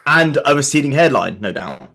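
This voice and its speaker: A man's voice: medium pitch, big pitch swings, normal speed, creaky, bright, forceful tone. A man, a guest on a comedy podcast, talking bluntly and offhandedly with plenty of swearing. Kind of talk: casual podcast banter.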